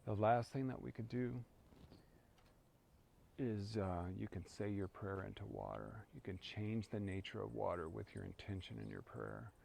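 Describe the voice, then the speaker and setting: Gravelly, mellow-voiced man, calm spiritual guide, reflective delivery, faint hiss behind. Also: on the low side, normal speed. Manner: calm, reflective, chants prayers. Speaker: spiritual practice teacher. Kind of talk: guided prayer and personal story.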